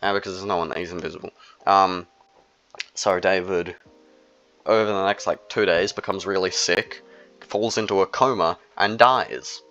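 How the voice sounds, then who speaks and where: A man's voice: low voice, fairly even intonation, normal speed, a bit bright, soft background music. A young man in a casual, rambling monologue, full of fillers and slang. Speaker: solo video creator. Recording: dull lo-fi recording.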